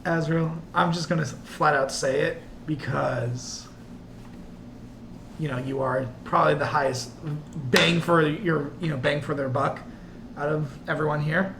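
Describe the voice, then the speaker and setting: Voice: mid-range voice, fairly even intonation, a little slow. A game master running a tabletop role-playing game, speaking in a teasing, matter-of-fact way. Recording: echoey room with background noise.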